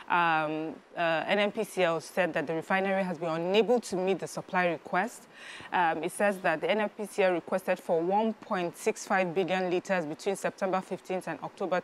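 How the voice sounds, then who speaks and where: A woman's voice: on the low side, steady tone, moderate pace, a little hiss or hum. A woman co-hosting a morning TV show, explaining a news story at length with many fillers. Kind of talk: breakfast TV news chat.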